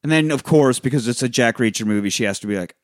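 A man's voice: mid-range voice, fast talker, no echo, clean studio sound. A man co-hosting a podcast, retelling a movie in casual chat, acting out the characters' lines and swearing freely. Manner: animated, acts out characters' lines while retelling, swears a lot. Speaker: podcast co-host.

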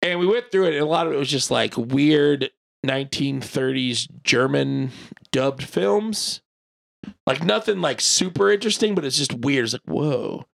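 This man has a gravelly, creaky voice and a middling pitch. He tells a loose, rambling story on a podcast, padding it with "like" and casual swearing. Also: normal speed. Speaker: podcast co-host.

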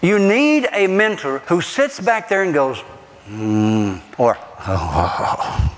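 A middle-aged man, preaching a sermon as pastor, animated, asking the congregation rhetorical questions. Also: high-pitched, a little slow, in a large hall.

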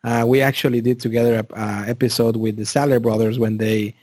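Fast-talking upbeat man. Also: mid-range voice, level tone, darkish tone, husky, no room sound, clean studio sound. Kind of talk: casual chat.

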